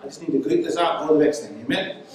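A man preaching a sermon and telling a story in an animated way, laughing now and then. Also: fairly high pitch, racing, heavy reverb, far from the mic, poor audio.

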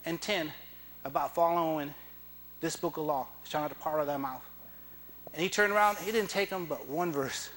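A man preaching a sermon in church, impassioned and emphatic, acting out the words of biblical figures. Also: fairly high pitch. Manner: impassioned, rising to loud emphatic peaks; acts out biblical figures in dramatic dialogue.

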